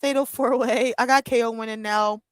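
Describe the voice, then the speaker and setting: Hosting a watch-along stream, a young adult woman reacts live in a high, smooth voice at normal speed. She gets excited, squeals and laughs, and the recording is close and dry, without any room sound.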